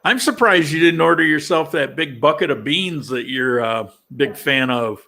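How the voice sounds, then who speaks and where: A man's voice: on the high side, normal speed, bright, forceful tone. A man hosting a casual chat, teasing his guest and laughing often. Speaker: host.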